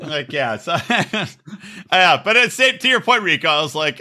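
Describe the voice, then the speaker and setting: Podcast co-host, male, slightly high voice, swings his pitch a lot, crude storyteller. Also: big pitch swings, moderate pace, sharp tone. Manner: storytelling, crude jokes, acts out quoted voices. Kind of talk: casual chat.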